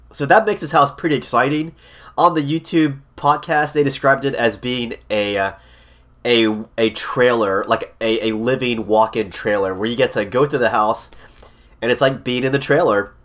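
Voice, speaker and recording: Excitable rambling man vlogging. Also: mid-range voice. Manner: excitable, rambling, repeats words and restarts. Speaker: theme park vlogger. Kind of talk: casual vlog talk to camera.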